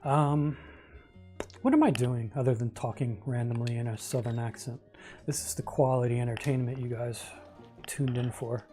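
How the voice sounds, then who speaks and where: A man's voice: mid-range voice, moderate pace, mellow, soft background music. A man streaming a video game, chatting casually with his viewers and rambling through stories between moves. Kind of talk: casual gameplay livestream chat.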